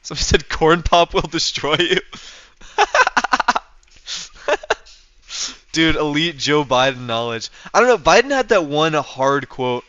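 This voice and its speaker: A man's voice: fairly high pitch, expressive, normal speed, hardly any pauses, pushed and bright, dry recording, dull audio. A man from North America chatting casually on a livestream, rambling with lots of fillers and restarts. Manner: rambling, full of fillers and restarts, chuckling often. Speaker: streamer.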